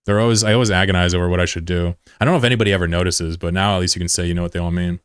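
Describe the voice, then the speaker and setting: A man with a Mid-Atlantic American accent talks in a low, flat, laid-back way, chatting casually with viewers of his stream. The sound is dry and close, with no room echo. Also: racing, smooth. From United States. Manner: self-described monotone, plain and laid-back. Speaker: game streamer. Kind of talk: casual live-stream chat, reading viewer messages.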